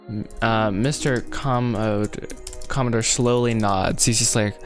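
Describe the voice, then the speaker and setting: A man's voice: mid-range voice, fairly even intonation, slow pace, soft background music. Rambling young man livestreaming. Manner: rambling, self-deprecating, laughs often. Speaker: livestreaming writer. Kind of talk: casual livestream chat while writing.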